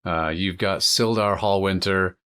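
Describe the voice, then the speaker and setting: A man's voice: low voice, steady tone, measured pace, fairly bright tone, clean tone. A man narrating as dungeon master in a laid-back, rambling way. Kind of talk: narrating a tabletop game.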